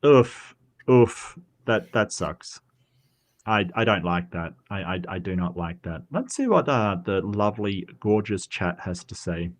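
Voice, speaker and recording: An Australian man hosts a stream, chatting casually and reading posts aloud. He is animated, with quick jumps in pitch and lots of fillers and restarts.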